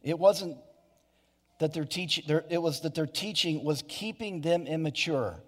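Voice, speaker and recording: A man's voice: a little high, unhurried. A man preaching a sermon to his church, earnest, with many restarts and asides. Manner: earnest preaching with frequent restarts and "you know". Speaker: pastor. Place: church sanctuary. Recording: hall reverb.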